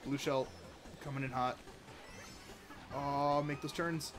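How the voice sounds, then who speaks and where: A man hosting a live racing game stream, chatty and excitable, talking to chat and to his cat at home. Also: slow. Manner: excitable, chatty, bursts into high-pitched baby talk with his cat. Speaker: livestream host. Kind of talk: live gameplay commentary.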